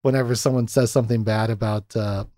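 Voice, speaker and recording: A man's voice: lowish voice, steady tone, fast talker, dark tone, no room sound, clean studio sound. A man hosting a podcast in casual film chat, laughing often and acting out scenes as he retells them. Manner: chatty, laughs often, acts out quotes from scenes. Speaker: podcast host.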